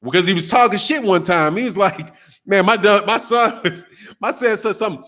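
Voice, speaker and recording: At a moderate pace and with a voice that sits high, a man in his thirties runs a boxing channel and reacts to live chat. He laughs often and stays animated, talking trash and cursing casually.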